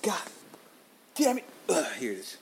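A man's voice: high-pitched, normal speed, gravelly, a little hiss or hum. Profane storytelling podcast host, a man. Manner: profane, animated, tells stories with acted-out quotes. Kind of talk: casual storytelling monologue.

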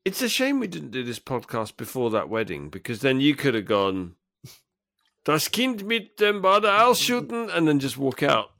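A man's voice: mid-range voice, big pitch swings, a little fast, vocal fry, few pauses, a bit bright, no echo, studio quality. A man co-hosting a podcast in casual chat, joking and laughing often. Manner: jokey, laughing, throws in playful bits. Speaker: podcast co-host.

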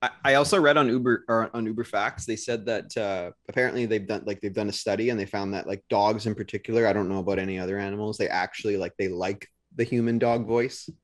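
A man's voice: fairly low pitch, steady tone, fast talker, hardly any pauses. A young man co-hosting a podcast, laid-back and rambling, with lots of fillers. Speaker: podcast co-host. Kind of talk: casual podcast chat.

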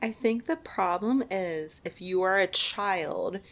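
A woman's voice: lowish voice, slow. A young woman co-hosting a podcast in casual chat, laughing often. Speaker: podcast co-host.

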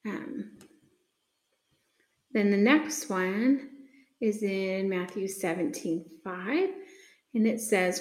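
Woman, slow devotional talk, earnest, pausing often, echoey room. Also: medium pitch. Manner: unhurried, earnest, many ums and pauses. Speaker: speaker sharing a faith reflection. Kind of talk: casual devotional talk with scripture reading.

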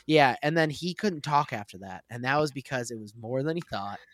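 A man's voice: medium pitch, fairly quick, no room sound. A man co-hosting a sports podcast who jokes and laughs often. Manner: joking, laughing, animated. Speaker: podcast co-host. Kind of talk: casual sports podcast chat.

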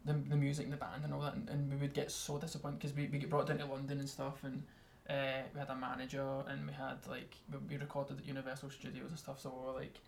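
A man's voice: mid-range voice, completely flat delivery, fast, gravelly, few pauses, a little hiss or hum. A young man, a band member chatting casually in an interview, rambling with self-mocking asides.

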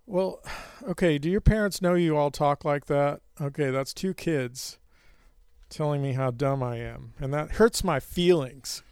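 A man's voice: fairly high pitch, unhurried, a little mellow, clear, resonant tone, dry recording, studio quality. A man hosting a podcast, talking casually with many fillers and a self-mocking humor, then leading a Bible study. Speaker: podcast host.

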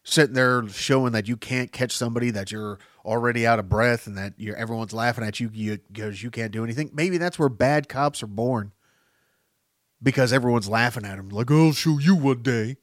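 A man's voice: mid-range voice, a little fast, dry recording, clean studio sound. A man hosting a podcast who rambles through tangents, swears freely and jumps his voice up for emphasis. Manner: rambling, profane, jumping between tangents; animated, voice jumping up for emphasis. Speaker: podcast host. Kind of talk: casual rambling monologue.

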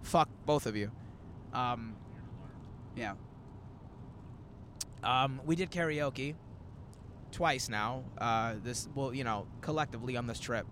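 A man's voice: medium pitch, slow pace, pauses often, slight background noise. Rambling young man chatting in a car. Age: 20s. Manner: rambling, animated storytelling with quoted asides. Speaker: comedian hosting a road-trip podcast. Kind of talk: casual chat. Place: in a moving car.

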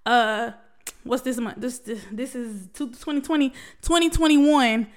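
Woman vlogger, high voice, emotional preachy pep talk, calls her listeners baby. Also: unhurried. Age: adult, past college. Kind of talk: heartfelt motivational talk to camera.

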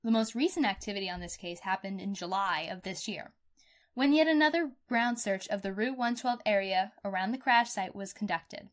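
A young woman co-hosting a podcast, chatting in an expressive, outspoken way and swearing casually. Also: medium pitch, moderate pace. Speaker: podcast co-host. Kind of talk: casual true-crime chat.

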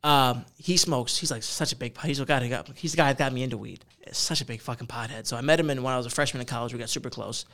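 A man in his twenties tells a story in casual chat. His voice has a gravelly, creaky edge. He talks with heavy slang and swearing and keeps the story animated. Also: medium pitch, quick pace, hardly any pauses. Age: 20s.

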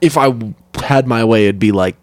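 A man's voice: on the low side, moderate pace, dry recording. A young man co-hosting a podcast, joking crudely and laughing often in casual chat. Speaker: podcast co-host.

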